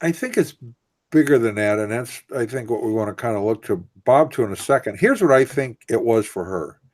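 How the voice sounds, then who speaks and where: A man's voice: medium pitch, animated, a little fast, a little mellow, dry recording. Earnest man explaining at length. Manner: earnest, explains with long winding sentences. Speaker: co-host. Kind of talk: casual radio discussion.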